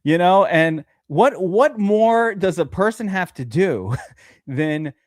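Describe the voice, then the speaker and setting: A man talking fantasy sports on a casual podcast, animated and joking, swearing freely. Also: high-pitched, takes it slowly, no room sound, studio quality.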